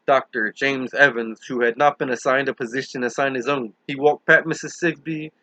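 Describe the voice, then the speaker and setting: A man reading a novel aloud in a steady, earnest, dramatic audiobook narration, on a dull, dry, lo-fi recording. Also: medium pitch, normal speed, no echo. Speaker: audiobook reader.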